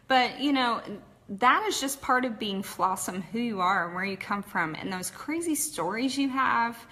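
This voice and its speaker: Bright-voiced chatty Texan woman. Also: fairly high pitch. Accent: Texas. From Texas, USA. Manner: chatty and candid, with frequent "like" and "um". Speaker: personal storyteller. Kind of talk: casual personal story talk.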